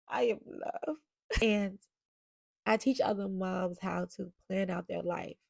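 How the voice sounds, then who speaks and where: A woman's voice: mid-range voice, gravelly, no room sound. A woman talking in a casual, confessional vlog as a motivational speaker and mom coach, earnest and emotional, rambling with many fillers.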